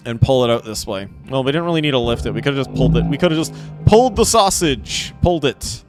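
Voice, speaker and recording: A man's voice: medium pitch, animated, fast, faint music behind. A man giving casual live gameplay commentary, playful and rambling, repeating phrases and talking to his chat. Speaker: game streamer.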